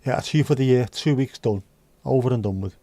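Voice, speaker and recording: Speaking briskly in a warm, medium-pitched voice, this livestream host reads out viewer comments and chats casually, tossing in dry, rambling jokes. The recording has no echo.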